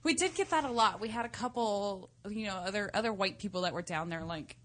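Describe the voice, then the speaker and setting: A woman's voice: medium pitch, brisk, a bit bright. A woman co-hosting a call-in radio show, trading brash, giggly banter. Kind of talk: casual call-in radio chat.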